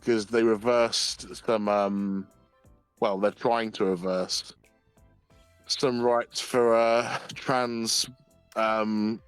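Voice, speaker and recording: A man's voice: on the low side, steady tone, extremely slow, smooth, dry recording, soft background music. A young man chatting casually on a stream, telling stories with a lot of swearing and laughter. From United Kingdom. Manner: sweary, giggly storytelling. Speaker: streamer co-host.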